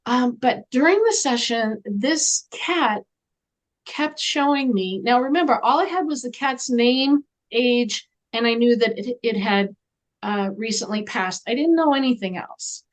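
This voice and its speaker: Guesting on an interview, a woman with a somewhat high voice tells a story animatedly, taking her time and performing the voices of the people she quotes.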